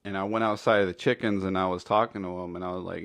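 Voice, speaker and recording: A man's voice: low-pitched, little pitch movement, quick pace, hardly any pauses. Laid-back, foul-mouthed man telling a story. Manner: laid-back, profane, rambling. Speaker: storytelling commentator. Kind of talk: casual comedic storytelling.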